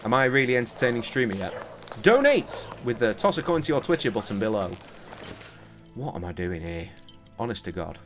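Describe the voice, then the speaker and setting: A man's voice: mid-range voice, big pitch swings, a little fast, fairly bright tone, soft background music. Rambling, sweary man streaming a game. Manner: rambling, sweary, self-mocking. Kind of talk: casual gameplay commentary.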